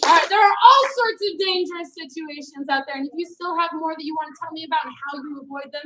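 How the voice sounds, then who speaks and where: A woman's voice: high-pitched, fast talker, fairly bright tone. A woman instructor teaching a children's karate class in a commanding way, calling for the class to answer back. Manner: commanding, calls for "yes, ma'am" replies. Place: martial arts studio. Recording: noisy studio background.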